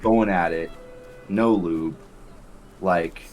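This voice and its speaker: A man's voice: low-pitched, drawn-out words, a little mellow, a little hiss or hum. A young man co-hosting a casual gaming chat, rambling and laughing often. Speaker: co-host, gamer.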